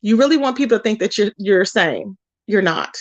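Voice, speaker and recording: A woman's voice: mid-range voice, very animated, moderate pace, no room sound. Blunt scolding woman, lo-fi audio. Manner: blunt, scolding, repeats herself. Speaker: commentary channel host. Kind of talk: ranting commentary. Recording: dull lo-fi audio.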